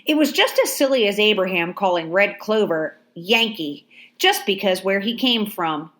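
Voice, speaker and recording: In this audiobook narration, a woman with a mid-range voice reads a novel. She tells the story in an even, measured way.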